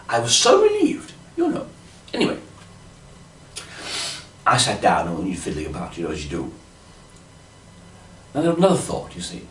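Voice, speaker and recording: A man's voice: lowish voice, wildly swooping pitch, normal speed, long pauses, echoey room, distant mic, a little hiss or hum. A man telling a rambling comic monologue in a dotty, fussy manner, full of "you see" asides. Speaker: comic storyteller.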